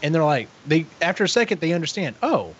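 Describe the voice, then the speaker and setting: A man co-hosting a casual podcast, retelling a story with lively acted-out voices and frequent swearing. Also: on the high side, fast, a little hiss or hum. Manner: animated retelling, acts out characters, swears freely. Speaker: podcast co-host. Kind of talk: casual book recap chat. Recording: dull lo-fi audio.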